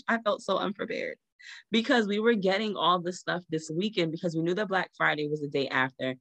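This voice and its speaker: A woman telling her own story casually to viewers, animated and laughing often. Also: low voice, no room sound. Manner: animated, addresses listeners as "y'all", laughs often.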